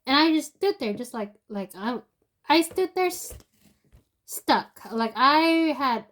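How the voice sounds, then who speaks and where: A woman's voice: high voice, lively intonation, slow pace, fairly bright tone. A young woman telling a personal story in a loose, rambling way, full of fillers and restarts. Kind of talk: casual spoken storytelling.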